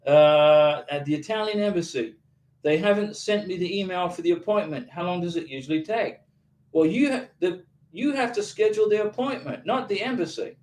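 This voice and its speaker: A man with a fairly high voice hosts a casual livestream, reading out viewer comments and answering each one in an emphatic, encouraging way. His voice sounds a little echoey, as if he is in a bare room. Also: moderate pace, a little mellow. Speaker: YouTube channel host answering viewer questions.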